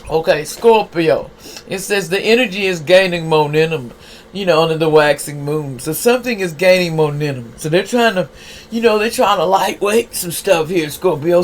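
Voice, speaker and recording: A man with a high voice reads tarot cards in a casual, streetwise way. He keeps asking rhetorical questions and talks straight to the viewer. A faint hiss sits under his voice. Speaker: tarot reader. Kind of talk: casual tarot card reading.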